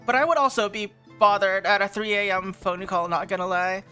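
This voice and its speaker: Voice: mid-range voice, steady tone, fairly quick, pushed and bright, soft background music. A streamer chatting casually and making jokes while playing a detective game. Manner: chatty and joking.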